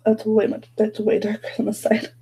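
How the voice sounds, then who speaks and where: A woman's voice: medium pitch, completely flat delivery, moderate pace, mellow, breathy edge, low-quality recording. A young woman chatting casually while doing her makeup at home, rambling with lots of fillers. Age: young adult. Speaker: beauty vlogger. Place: bedroom at home.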